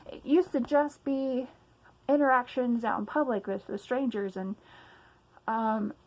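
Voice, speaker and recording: A young woman vents in a casual personal rant, her voice pitched a little high. She sounds agitated and emphatic, sighing often and swearing as she goes, recorded at home. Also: steady tone, measured pace, darkish tone, low-quality recording. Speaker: vlogger.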